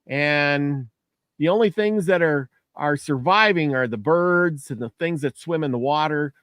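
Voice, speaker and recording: Telling a legend in a casual, folksy way, a male storyteller often restarts his phrases. His voice is a little high and fairly bright, unhurried, and recorded with no room sound.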